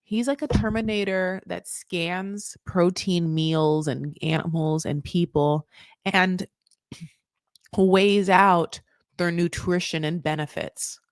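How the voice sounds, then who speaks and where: A woman hosting a casual recap podcast, animated and sarcastic, swinging between loud outbursts and muttered asides. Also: lowish voice, takes it slowly, dry recording, clean studio sound. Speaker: podcast host.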